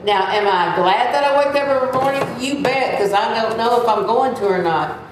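A brisk woman in her seventies with a voice on the high side is teaching Sunday school, earnest and chatty, now and then putting on whiny voices. It's a sermon given in a church room, recorded from a distance in an echoey space with faint noise.

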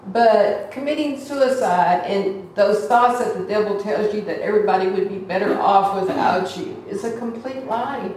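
A woman's voice: mid-range voice, moderate pace, few pauses, darkish tone. A woman giving a heartfelt, conversational testimony to a church congregation. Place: church hall. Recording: echoey hall from far off.

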